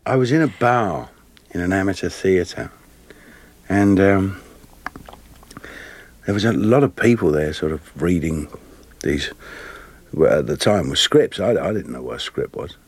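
Cockney guy spinning stories, husky voice, pitch all over the place, laughs a lot. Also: unhurried, pauses often, no echo. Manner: animated, laughing often, plays voices in his stories. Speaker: actor guest. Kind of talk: storytelling interview anecdotes.

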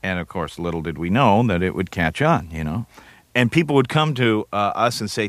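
40s comedy guy from canada, rambly, wry, lowish voice, dry sound. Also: expressive, a little fast, dry recording. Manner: rambling, wry, self-deprecating, chuckles. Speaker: comedian guest. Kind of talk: interview answers.

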